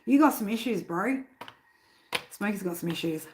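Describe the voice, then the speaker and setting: A woman's voice: mid-range voice, normal speed, low-quality recording. Swearing, chatty woman on a live stream. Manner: loose and chatty, swears freely, breaks off to scold her cats. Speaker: tarot reader hosting a live stream. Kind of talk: casual live-stream chat. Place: home with cats in the room. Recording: steady background noise. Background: noise and cats.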